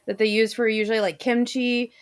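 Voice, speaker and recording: A woman co-hosting a casual podcast, chatty and quick to laugh, acting out what people said. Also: a little high, flat delivery, clean tone. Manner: giggly, chatty, acts out quotes. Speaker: co-host. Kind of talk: casual chat.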